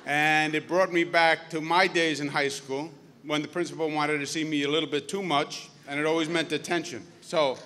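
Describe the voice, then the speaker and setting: Man in his 50s, Queens accent, folksy speech to students, bright, forceful voice in an echoing hall. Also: fairly high pitch, steady tone, normal speed, few pauses, a little hiss or hum. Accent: Queens New York. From Queens, New York. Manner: folksy, storytelling, jokey asides. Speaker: governor speaking at a school. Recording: reverberant hall.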